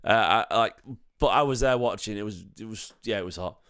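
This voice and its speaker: Hoarse, excitable male football fan. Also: lowish voice, a little fast, no room sound, clean studio sound. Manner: excitable, emotional, repeats phrases. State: slightly hoarse from singing. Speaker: fan channel host. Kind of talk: live-stream fan chat.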